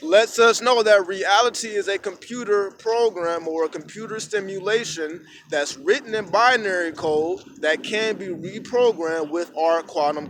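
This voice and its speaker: A little hiss or hum runs under this recording of a man with a high-sitting voice. He's a vlogger speaking casually into his phone camera at arm's length outdoors at sunrise, swearing and rambling through animated stories.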